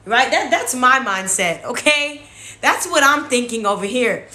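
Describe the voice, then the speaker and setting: A young woman hosting a casual Bible devotion, talking straight to her viewers in an animated, chatty way. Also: high voice, a little slow. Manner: animated, talks to viewers as "y'all". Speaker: devotional host.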